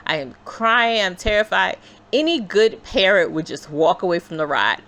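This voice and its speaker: A woman vlogger telling a personal story in a casual, animated, chatty way. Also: medium pitch, normal speed. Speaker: crochet vlogger. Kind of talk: casual storytelling while crocheting.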